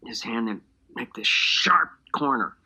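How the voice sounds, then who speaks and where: A man's voice: mid-range voice, expressive, measured pace, sharp tone, slightly rough. A man interviewed in a documentary, recalling a film shoot in a reflective way.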